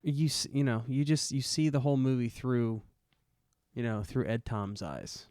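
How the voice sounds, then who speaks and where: A man's voice: medium pitch, moderate pace, darkish tone, clean tone, no echo, clean studio sound. A man co-hosting a casual film podcast, rambling through his thoughts with lots of "you know". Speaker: podcast co-host.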